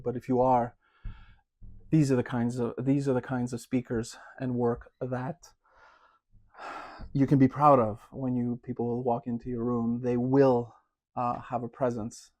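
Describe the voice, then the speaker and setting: A man talking casually to camera from his home listening room, reviewing speakers with chatty joking asides and drawn-out emphasis. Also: mid-range voice, dark tone.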